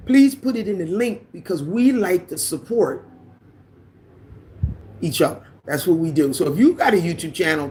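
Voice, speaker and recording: A man's voice: sits high, darkish tone, slight background noise. A man hosting a casual live stream, greeting viewers by name and laughing often while he walks from his home out into the yard on a phone. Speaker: livestream host. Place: home, indoors then outside in the yard. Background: faint rain.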